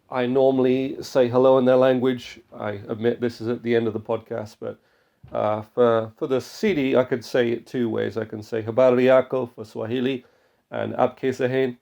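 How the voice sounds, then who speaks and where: Gravelly-voiced man hosting a mission podcast. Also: medium pitch, warm tone. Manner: earnest, exhorting, with frequent restarts. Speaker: podcast host.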